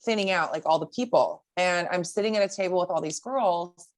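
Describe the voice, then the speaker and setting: A woman co-hosting a podcast, telling a story in casual chat, animated and swearing, often breaking into laughs. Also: fairly low pitch, a little fast. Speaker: podcast co-host.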